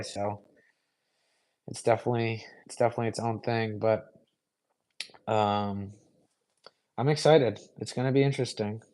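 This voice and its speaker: A man's voice: mid-range voice, darkish tone, rough recording. A young man hosting a live stream, answering viewer questions in an easygoing, rambling way full of fillers. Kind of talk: casual live Q&A chat.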